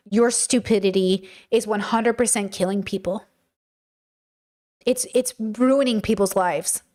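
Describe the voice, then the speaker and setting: Mujer de voz aguda, franca y exasperada. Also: female voice, fairly high pitch, darkish tone. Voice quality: blunt, profane, exasperated. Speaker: livestream host. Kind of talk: livestream commentary reading chat.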